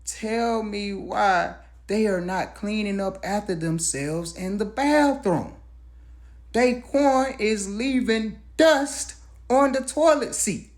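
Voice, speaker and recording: A man's voice: sits high, takes it slowly. A man telling a personal story in a casual, conversational way, with rhetorical asides.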